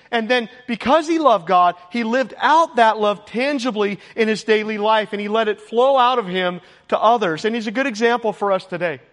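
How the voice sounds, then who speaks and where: A man's voice: sits high, a bit bright. A man preaching a sermon, earnest and exhorting, at times emotional. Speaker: pastor. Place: church sanctuary. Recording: long hall reverb.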